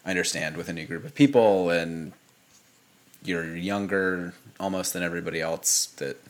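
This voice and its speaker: A man's voice: low voice, moderate pace. A man co-hosting a podcast in casual chat, making dry, wry remarks. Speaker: podcast co-host.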